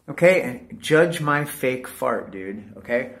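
A man's voice: medium pitch, lively intonation, slow, gravelly, hardly any pauses, slight background noise. Rambling, profane male vlogger. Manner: rambling, profane, keeps saying "dude". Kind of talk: casual rambling monologue to camera.

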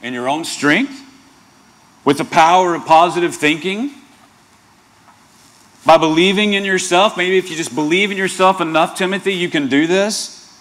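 Preaching man with a higher voice. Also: moderate pace, long pauses, fairly bright tone. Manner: earnest preaching with playful asides and rhetorical questions. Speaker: pastor. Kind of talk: sermon.

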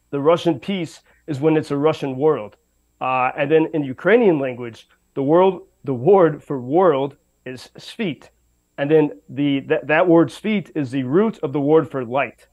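A man's voice: a little high, measured pace, a little mellow, low-quality recording. A man reporting by radio from western Ukraine, speaking unscripted with many fillers and restarts. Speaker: radio correspondent.

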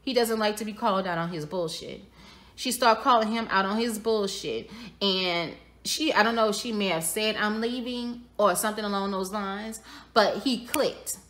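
A woman's voice: medium pitch, moderate pace, a bit bright. A woman giving a tarot reading for her viewers, speaking casually, speculating aloud and repeating her phrases. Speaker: tarot reader.

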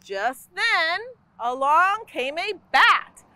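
A woman storyteller reading a children's picture book aloud, expressive and quick to act out the sound effects. Her voice is very high and bright, and she swoops widely in pitch at an unhurried pace. The recording is close and dry. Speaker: library storyteller.

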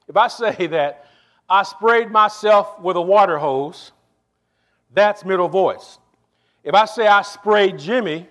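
High-voiced emphatic male pastor preaching. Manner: preacherly, emphatic, asks the congregation for response; shifts between slow stressed phrases and quick asides. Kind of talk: sermon.

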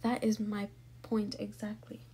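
A woman's voice: mid-range voice, level tone, measured pace, noisy background, lightly acted. A woman voicing a stern, bossy older neighbor woman who talks in a commanding, clipped, indignant way.

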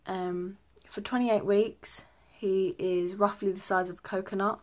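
A woman's voice: medium pitch, steady tone, a little slow. A young woman chatting casually in a pregnancy update vlog, rambling with many ums. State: a little out of breath. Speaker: vlogger.

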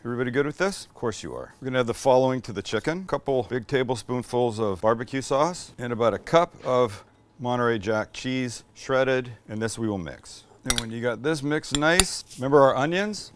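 A man's voice: mid-range voice, brisk, a little hiss or hum. A middle-aged man hosting a casual cooking demo, chatty and teasing as he cooks. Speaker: cooking show host.

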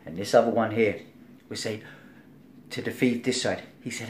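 A man giving an informal sermon in a conversational style. He checks in with "right?" often, acts out the voices in the story, and swings between loud, emphatic stretches and quiet, low lines. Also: moderate pace, slight background noise. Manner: conversational, keeps asking "right?", acts out crowd and Pilate. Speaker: preacher.

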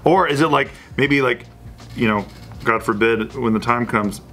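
A man riffing as a panelist in casual comedic banter, deadpan and wry. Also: mid-range voice, moderate pace.

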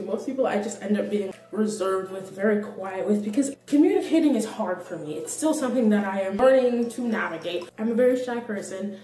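A young woman in her twenties telling stories in a casual vlog monologue, animated and laughing through her points. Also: medium pitch. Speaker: vlogger. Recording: roomy echo, distant from the mic, faint music.

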